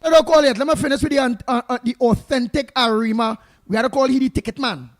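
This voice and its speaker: A man with a Trinidadian accent hosting a call-in radio show, chatting and telling stories in an animated way, with loud outbursts and snatches of song. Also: very high-pitched, fast talker, soft background music. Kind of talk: lively call-in radio chat and storytelling.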